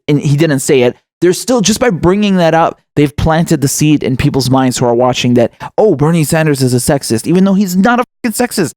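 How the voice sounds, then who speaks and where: A man's voice: fairly high pitch, a little mellow, dry recording, studio quality. A man hosting political commentary, ranting angrily and swearing often. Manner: angry, profane, ranting.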